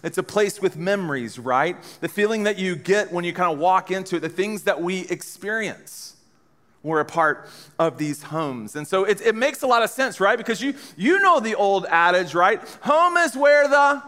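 A man's voice: high-pitched, expressive, normal speed, sharp tone, in a large hall. A man in his thirties giving a live talk to a college audience, telling stories with playful, self-mocking jokes and speaking straight to the room. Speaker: speaker at a college ministry gathering.

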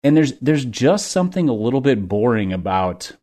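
A man's voice: medium pitch, sing-song, normal speed, dark tone. A man from Minnesota co-hosting a sports podcast, opinionated and thinking aloud in casual chat.

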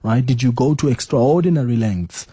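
A man hosting a radio call-in show, relaxed and full of fillers as he invites listeners to call in. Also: mid-range voice, normal speed, breathy edge, dry recording. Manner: easygoing, filler-heavy, inviting callers. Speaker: radio talk show host.

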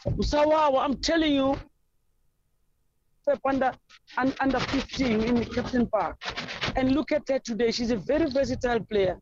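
A woman's voice: sits high, normal speed, pauses often, a little mellow, dull audio, slight background noise. A South African woman football coach answering interview questions in an effusive, rambling storytelling way.

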